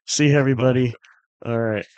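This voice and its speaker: Fast-talking male podcast host, dry sound. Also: medium pitch, steady tone, a little mellow, clear, resonant tone, no room sound. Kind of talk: casual podcast sign-off.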